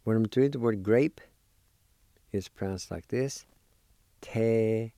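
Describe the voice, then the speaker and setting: A man gives a patient vocabulary lesson, spelling each word letter by letter and saying it slowly. His voice sits a bit low, with a warm, mellow tone. The recording is close and dry. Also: no echo. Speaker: language teacher. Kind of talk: slow spelling and pronunciation lesson.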